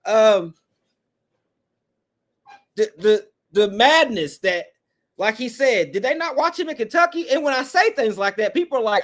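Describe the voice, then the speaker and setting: A man's voice: very high voice, expressive, moderate pace, a bit bright. A man hosting a live fan call-in show, talking bluntly and profanely while reading chat comments. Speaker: podcast host.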